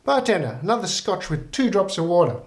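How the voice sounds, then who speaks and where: Man putting on a shrill, cheeky old lady ordering drinks in a joke, roomy echo. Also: big pitch swings, fairly quick. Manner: cheeky, sly punchline delivery. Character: spry eighty-year-old woman at a bar.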